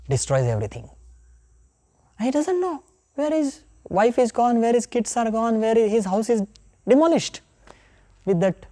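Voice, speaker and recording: A woman with an Indian accent giving a spiritual lecture, telling a story in an animated way and acting out the characters' voices. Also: medium pitch. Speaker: yoga and scripture teacher.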